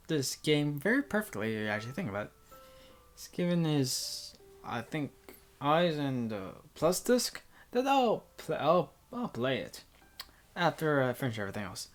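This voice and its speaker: A woman reading a visual novel aloud and commenting, halting and stumbling over words. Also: low voice, big pitch swings, faint music behind. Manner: halting, with restarts and laughs. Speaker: game reader.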